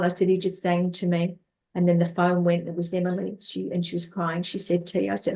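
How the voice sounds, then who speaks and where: Low-voiced woman telling a personal story. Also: monotone, brisk, vocal fry, warm tone. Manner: repeats words, acts out quoted dialogue. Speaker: life coach and therapist guest. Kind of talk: storytelling in an interview.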